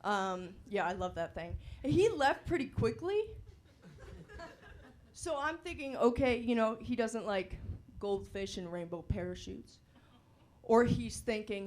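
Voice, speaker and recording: A woman doing a stand-up set on a comedy club stage, telling her stories in a slow, deadpan way. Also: on the high side.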